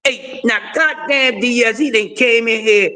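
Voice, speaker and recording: A raspy-voiced man hosting a casual livestream, talking in a high register. He is loud and animated, shouting often as he riffs at his audience. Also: measured pace. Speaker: livestream host.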